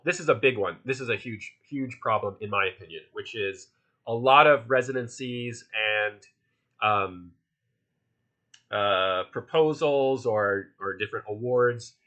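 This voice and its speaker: A man's voice: mid-range voice, animated, normal speed, sharp tone. A man with a Philadelphia accent teaching a casual online workshop, chatty and loose, with lots of fillers and restarts. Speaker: workshop instructor.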